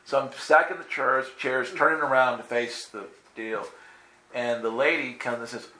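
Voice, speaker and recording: A man's voice: mid-range voice, fairly even intonation, normal speed, sharp tone. A man animatedly telling a faith story, acting out dialogue and laughing often. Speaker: guest telling a testimony. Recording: echoey room with faint ambience.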